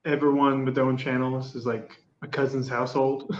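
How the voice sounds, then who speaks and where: A man hosting a podcast, chatting in a relaxed, laid-back way. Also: medium pitch, moderate pace, slight background noise. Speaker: podcast host. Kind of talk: casual interview chat. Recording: echoey, dull remote audio.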